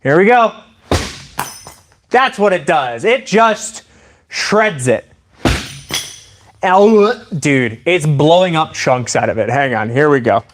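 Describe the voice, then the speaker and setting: A man live-streaming a demonstration of improvised weapons. He talks to his chat in an excitable, playful way. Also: a little high, slow pace, pauses often, slight background noise. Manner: excitable and playful, addressing viewers directly.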